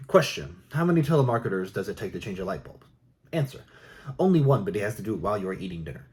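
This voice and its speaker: A man reading jokes aloud in a soft, unhurried ASMR style. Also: on the low side, very animated. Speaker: joke reader.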